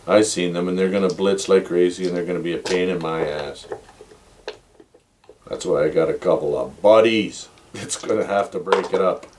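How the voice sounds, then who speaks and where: Lowish-voiced man telling profane stories. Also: moderate pace. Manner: animated, swearing freely, laughing at own stories. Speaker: board game player. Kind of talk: casual profane storytelling. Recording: distant mic with faint noise.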